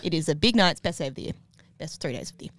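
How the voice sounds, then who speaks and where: A woman's voice: deep voice, lively intonation, racing, no room sound. A young woman co-hosting a podcast, telling stories in a giggly, chatty way. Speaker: podcast co-host. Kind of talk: casual chat.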